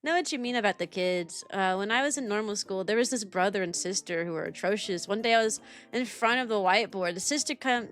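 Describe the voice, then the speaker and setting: A woman's voice: medium pitch, brisk, soft background music. A young woman streaming as a kindergarten teacher, chatting casually and animatedly with many fillers. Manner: rambling and animated, many fillers, laughs often. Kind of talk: casual livestream chat.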